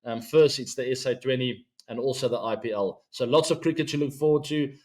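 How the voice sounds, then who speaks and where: A middle-aged man hosts a cricket news show. He talks straight to his viewers in a loose, chatty way, dropping in plenty of ums. His voice sits in an ordinary middle pitch. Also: fairly quick, darkish tone. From South Africa. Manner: chatty, direct address to viewers, frequent ums. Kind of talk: casual solo commentary to camera.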